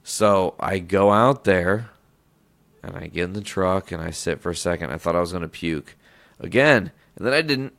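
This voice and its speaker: A low-voiced man with a gravelly, fry-heavy tone, spinning a casual podcast story. He swears freely and keeps cutting himself off to restart his sentences, so it wanders in a loose, unpolished way. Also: normal speed, fairly bright tone. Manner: rambling, profane, self-interrupting. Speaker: podcast host.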